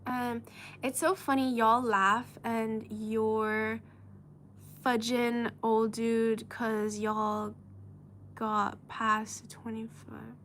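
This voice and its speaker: A woman's voice: a little high, little pitch movement, drawn-out words, a bit bright, a little hiss or hum. A woman whose first language is Chinese, hosting a casual livestream and reading viewer comments in a giggly, hesitant way. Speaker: livestream host.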